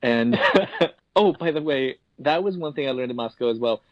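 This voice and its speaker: A man's voice: mid-range voice, moderate pace, no echo. A male podcast co-host who jokes and laughs easily. The recording is dry and a little muffled. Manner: jokey, laughing often. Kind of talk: casual podcast chat.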